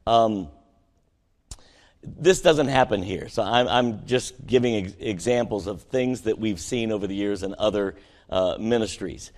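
A man preaching a sermon to his congregation, asking them questions and swinging between emphatic peaks and quiet conversational asides. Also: fairly low pitch, measured pace. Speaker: pastor. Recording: long hall reverb.

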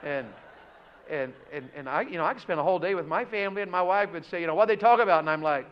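A man preaching a revival sermon in church, swinging between loud emphatic exhortation and soft joking asides. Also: on the high side, quick pace, muffled recording, a faint crowd, a little hiss or hum. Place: church sanctuary.

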